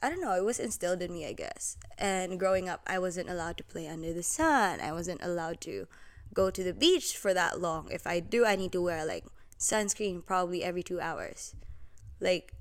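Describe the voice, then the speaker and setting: A woman's voice: lowish voice, expressive, moderate pace. A young woman from the Philippines with a light Filipino accent, a podcast guest who tells personal stories in a chatty, candid way and laughs often. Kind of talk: casual storytelling chat.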